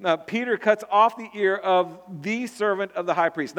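A man's voice: sits high, animated, moderate pace, hardly any pauses, a bit bright. A man preaching a sermon earnestly, often repeating words and building to emphatic peaks. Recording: long hall reverb.

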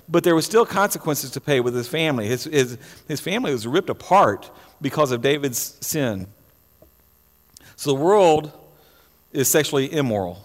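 Emphatic pastor preaching in a reverberant hall. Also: male voice, fairly high pitch. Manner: emphatic preaching with repeated words and restarts. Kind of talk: sermon. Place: church sanctuary.

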